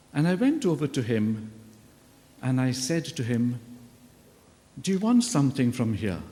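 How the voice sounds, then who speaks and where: A man speaking slowly and warmly, telling stories in an earnest, unhurried way. His voice carries a long reverb, as if he were addressing students in a big school hall. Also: medium pitch. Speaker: religious brother giving a talk to students. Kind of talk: storytelling address.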